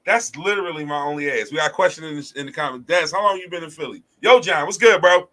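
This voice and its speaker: A man with a Philadelphia accent hosting a casual podcast chat, animated and joking, cursing freely. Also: on the high side, quick pace, low-quality recording. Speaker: podcast host.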